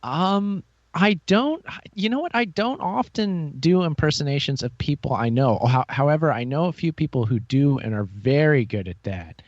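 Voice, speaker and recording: A man hosting a podcast in casual chat, hesitant, with fillers and quiet laughs. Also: a little high, expressive, normal speed, hardly any pauses, no echo, highs cut off. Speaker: podcast host.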